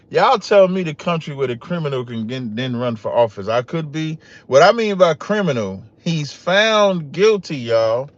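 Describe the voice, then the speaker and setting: A man's voice: fairly high pitch, muffled recording. A man hosting a casual livestream podcast, talking straight to his chat with rising, emphatic outbursts and calling his viewers y'all. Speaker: podcast host.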